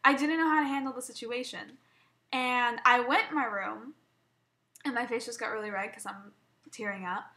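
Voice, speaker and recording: A woman's voice: fairly high pitch, moderate pace, sharp tone. A young woman vlogging an emotional personal rant, rambling and swearing, often stumbling and restarting.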